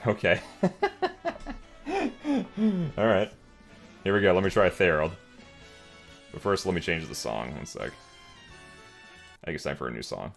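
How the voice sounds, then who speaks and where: A man chats casually on a live stream, wandering through his thoughts with many fillers. His voice sits low. Faint music plays under his talk. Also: a little slow, gravelly, long pauses, a bit bright. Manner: rambling, filler-heavy and laughing often. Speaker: streamer and voice actor.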